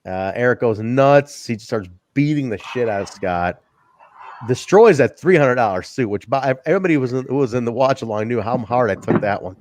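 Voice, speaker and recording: A man hosting a podcast, recapping a wrestling show in casual, excited, profane chat. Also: mid-range voice, a little fast, slight background noise. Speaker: podcast host.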